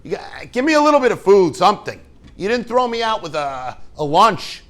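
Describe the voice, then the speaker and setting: A man's voice: high-pitched, big pitch swings, moderate pace, a bit bright, slight background noise, voice pushed up. Man playing a whiny baby bird, pleading, complaining, storytelling voice. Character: young baby bird pushed from the nest, whiny.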